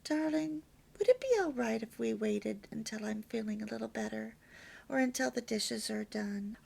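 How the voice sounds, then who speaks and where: A woman voicing an affectionate wife who asks her husband for things gently. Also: fairly high pitch, moderate pace, gravelly, husky, exaggerated voice. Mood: sweet. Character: sweet, affectionate young wife speaking gently.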